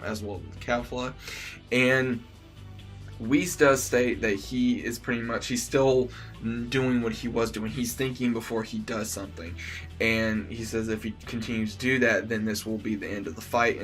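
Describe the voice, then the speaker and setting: A man's voice: mid-range voice, a bit bright. A man casually recapping an anime episode as a reviewer, rambling play-by-play with lots of fillers and repeated "he says".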